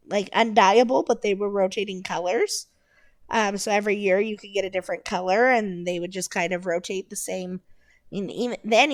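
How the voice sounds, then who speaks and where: A woman co-hosting a game podcast in lively casual chat. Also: medium pitch. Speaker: podcast co-host.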